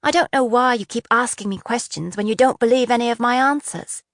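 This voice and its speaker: A woman reading a defiant young female prisoner who answers with quick, indignant retorts. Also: on the high side, fairly bright tone, no echo, clean studio sound, pitched above the performer's own voice.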